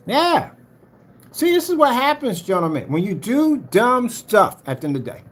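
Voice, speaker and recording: A man's voice: very high voice, big pitch swings, normal speed, fairly bright tone, a little hiss or hum. A man hosting a livestream, ranting in a heated, mocking way and talking straight to his chat. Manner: heated, mocking, repetitive, talks to chat directly. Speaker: livestream host.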